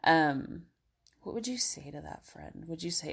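Husky low-voiced woman, gentle podcast talk. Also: animated, a little slow. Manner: gentle, encouraging, chatty with many fillers; soothing guided relaxation at times. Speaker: podcast host. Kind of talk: casual self-help podcast talk.

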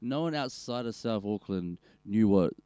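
A man's voice: lowish voice, animated, moderate pace, mellow, smooth, dry recording. A man with a New Zealand accent on a podcast, chatting casually in a rambling, sweary way. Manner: rambling, sweary, trails off and restarts. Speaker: podcast co-host. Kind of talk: casual chat.

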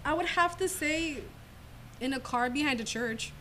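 A woman's voice: sits high, normal speed, a bit bright, slight background noise. A woman in a casual podcast chat, speaking candidly and filling her speech with "like".

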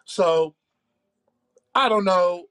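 A man co-hosting a casual podcast, talking in a measured, reflective way and often checking in with "right?". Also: high-pitched, fairly bright tone. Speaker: podcast co-host. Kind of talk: casual chat.

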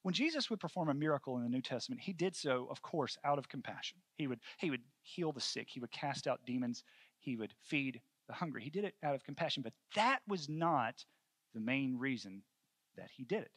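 A man's voice: medium pitch, animated, brisk, slightly rough, dry recording. Earnest male pastor preaching. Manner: earnest preaching, dropping to soft hushed storytelling and rising to fervent cries. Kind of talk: sermon.

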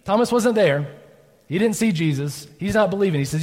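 Preacher with a ringing hall echo. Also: male voice, sits high, lively intonation, fairly quick, darkish tone. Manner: conversational storytelling, acts out quotes, frequent "right?". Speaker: pastor. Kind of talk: sermon. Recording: long reverb of a church hall.

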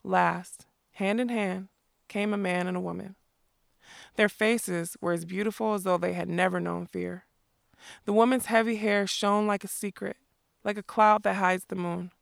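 A woman narrating a fantasy novel aloud in a measured, lyrical storytelling manner. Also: medium pitch, steady tone, gravelly, dry recording, studio quality. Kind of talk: audiobook narration.

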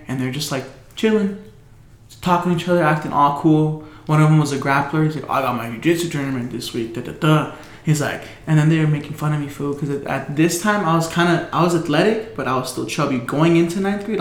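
A man's voice: fairly high pitch, a little fast. A young man telling a story in casual chat, loose and full of slang, swearing and fillers. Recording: echoey room.

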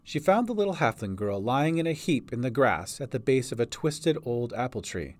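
A man's voice: medium pitch, big pitch swings, moderate pace. A man reading a fantasy story aloud as narrator. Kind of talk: audiobook narration.

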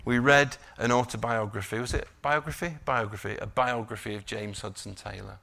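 A middle-aged man preaching a sermon, rising to emphatic slow stressed phrases and dropping to quiet conversational asides. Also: mid-range voice, steady tone, creaky. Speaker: pastor.

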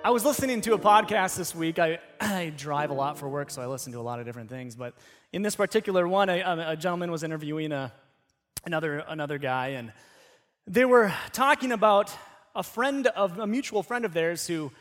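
High-voiced pastor telling a story. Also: male voice, animated, brisk, fairly bright tone, faint music behind. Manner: conversational storytelling with many restarts. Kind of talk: sermon.

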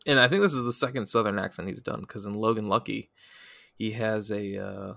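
Relaxed, halting male movie reviewer. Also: fairly low pitch, vocal fry, no room sound. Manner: relaxed, halting with many fillers. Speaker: podcast co-host. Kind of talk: casual movie review chat.

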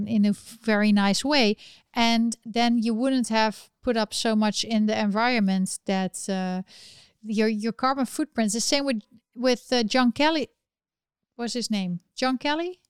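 Chatty woman with a smooth, higher voice. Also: dry recording, studio quality. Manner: chatty, opinionated, with frequent restarts. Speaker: live chat host. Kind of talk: casual livestream chat.

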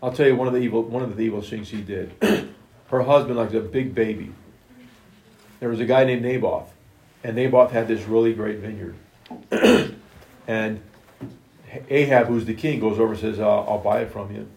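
A man preaching a sermon, emphatic, retelling scripture in plain everyday words with a gravelly voice. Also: lowish voice, fairly even intonation, moderate pace, long pauses, darkish tone. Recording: echoey room.

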